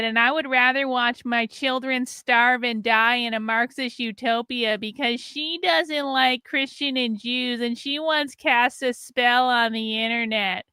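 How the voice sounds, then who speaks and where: A woman's voice: high voice, pushed and bright, clear, resonant tone, no room sound. A woman mimicking a whiny online critic. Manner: slow mocking drawl. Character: whiny self-righteous online critic, adult.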